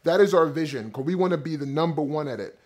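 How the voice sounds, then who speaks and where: Founder, 30s, male, slightly high voice, chatty storyteller to camera. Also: animated, fast talker, a little mellow. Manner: eager, rambling, addresses viewers directly. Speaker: company founder.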